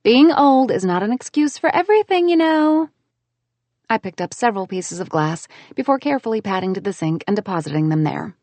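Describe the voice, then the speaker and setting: Female audiobook narrator, animated and expressive, dry close sound. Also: mid-range voice, fairly quick, dry recording. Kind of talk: first-person audiobook narration.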